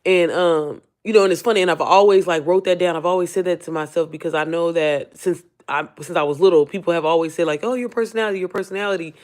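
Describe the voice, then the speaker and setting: A woman coaching viewers in a casual live-stream Q&A, hoarse from losing her voice. She rambles in a heartfelt, emotional way, often close to tears, and calls her viewers y'all and sis. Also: lowish voice, steady tone, fast talker, few pauses, darkish tone. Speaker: online business coach.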